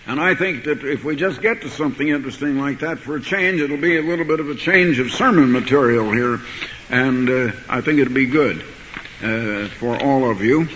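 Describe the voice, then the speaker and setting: A man preaching a sermon, telling a story and reading scripture, building to forceful emphasis on key words. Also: medium pitch, normal speed, a little hiss or hum. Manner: rising to forceful emphasis when quoting scripture. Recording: dull archival recording in a hall.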